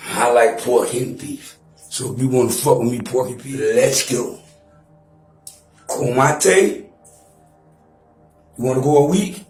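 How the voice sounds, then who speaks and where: A man's voice: medium pitch, takes it slowly, pauses often, soft background music. Man in his forties, taunting livestream rant, trash-talking, roomy echoey audio. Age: 40s. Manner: loud, taunting, trash-talking, mock-rapping. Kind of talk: profane roasting rant on a livestream.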